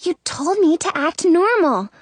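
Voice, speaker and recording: A woman's voice: very high voice, big pitch swings, a little slow, no room sound, voice pushed up, full character voice. A woman voicing a meek, literal-minded young princess who speaks in a shaky voice. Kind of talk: audiobook character reading.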